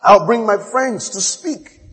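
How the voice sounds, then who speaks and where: High-voiced preacher in a reverberant hall. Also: male voice, slow. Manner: exuberant, repetitive storytelling with sudden high shouts and hushed asides. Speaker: pastor. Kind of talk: sermon.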